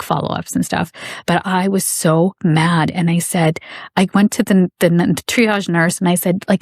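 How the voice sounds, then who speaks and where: Gravelly low-voiced woman telling a tense story. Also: darkish tone, dry recording, studio quality. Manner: intense, indignant, acts out quoted dialogue. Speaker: podcast guest. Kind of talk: emotional personal storytelling.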